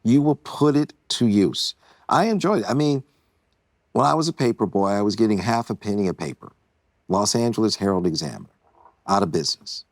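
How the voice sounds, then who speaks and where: A man in his sixties, a podcast guest, telling an animated story and acting out the quotes. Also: lowish voice, fairly quick, no room sound. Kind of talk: casual storytelling.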